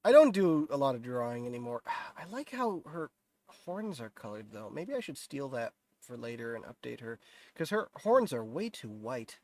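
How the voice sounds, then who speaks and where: A man's voice: medium pitch, very animated, moderate pace, a little mellow, dry recording. A man with a nasal, stuffy voice from a cold, casually rambling through a live modeling stream with self-deprecating asides. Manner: rambling, self-deprecating, lots of fillers and restarts.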